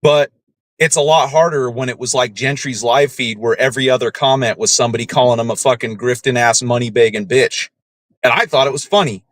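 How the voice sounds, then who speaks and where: A man's voice: medium pitch, fairly quick, dry recording. Profane ranting man. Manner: heated, swears a lot, keeps asking "right?". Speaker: podcast host. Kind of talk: casual profane rant.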